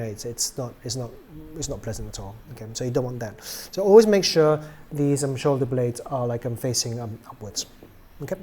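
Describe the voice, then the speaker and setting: A middle-aged doll maker casually demonstrates a product in a slightly higher-pitched voice. His delivery is loose, relaxed, and chatty, full of ums, with phrase endings fading softly into quiet.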